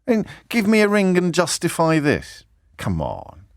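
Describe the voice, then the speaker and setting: Animated man hosting a radio phone-in. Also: high voice, measured pace, no echo, studio quality. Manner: animated, rhetorical, indignant questioning. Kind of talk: talk radio monologue. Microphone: studio microphone.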